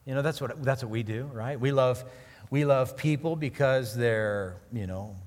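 A man's voice: mid-range voice, normal speed, a little mellow. A man preaching a sermon in an earnest, conversational way that rises to emphatic peaks. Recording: long hall reverb.

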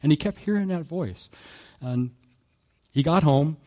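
Warm-voiced man preaching casually. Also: on the high side, expressive. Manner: conversational, halting with fillers and chuckles. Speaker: pastor. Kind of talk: sermon storytelling.

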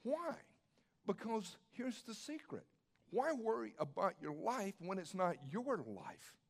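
A man's voice: high-pitched, sing-song, slow pace, vocal fry. A man pastor preaching a sermon in a conversational way, asking rhetorical questions and repeating his key phrases for emphasis.

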